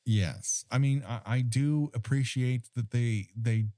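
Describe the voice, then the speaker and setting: A man's voice: mid-range voice, slow pace, warm tone, dry recording, clean studio sound. A man co-hosting a podcast in casual chat, ranting with wry, mock-indignant humor. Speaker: podcast co-host.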